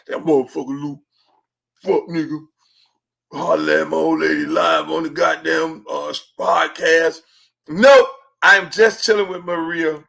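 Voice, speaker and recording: A middle-aged man with a Miami accent hosting a casual livestream podcast, profane and joking, swinging between booming and hushed talk. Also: creaky. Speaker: podcast host.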